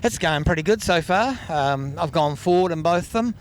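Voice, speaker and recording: A man's voice: on the high side, animated, normal speed. A man, a race driver answering in an easygoing, rambling way. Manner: easygoing, rambling, laughs a lot. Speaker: racing driver. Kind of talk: trackside interview. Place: outdoor speedway pits.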